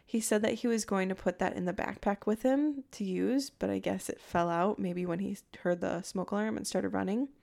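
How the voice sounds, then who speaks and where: A woman's voice: medium pitch, moderate pace, vocal fry, few pauses, darkish tone. A young woman hosting a podcast, telling a true-crime story in a chatty way and thinking aloud with fillers. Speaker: podcast host.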